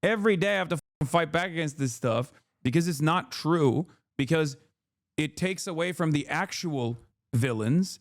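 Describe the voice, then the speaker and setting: A man's voice: fairly high pitch, dry recording, studio quality. A man in his thirties giving heated casual commentary as a streamer reacting to news clips, emphatic and direct, often calling the listener "brother". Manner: emphatic, calls listener "brother", frequent restarts and "okay?".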